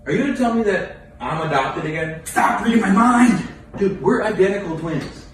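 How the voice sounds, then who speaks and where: A teasing twin brother, played by a man in a comedy sketch. His lively voice swings up and down. He sits far from the mic in a very echoey room. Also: high-pitched, moderate pace. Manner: playful, teasing banter.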